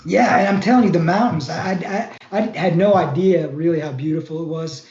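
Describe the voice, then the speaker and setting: A man from Florida, a former wrestler, telling his story as a guest in a casual interview, rambling and relaxed. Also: on the high side, fairly quick, reverberant, muffled recording. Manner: relaxed, rambling, laughs while telling stories.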